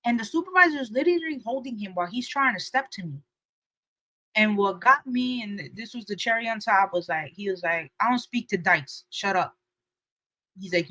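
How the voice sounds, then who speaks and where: Young woman co-host, bright and crisp, dry close sound, lively storyteller. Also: no echo, poor audio. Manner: lively, acts out quotes with shifting pitch and loudness. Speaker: podcast co-host. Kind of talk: animated storytelling chat.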